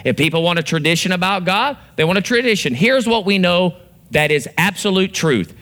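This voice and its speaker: Bright-voiced preacher man. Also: fairly quick. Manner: preaching with acted-out prayers and quotes, animated pitch swings. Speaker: pastor. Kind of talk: sermon.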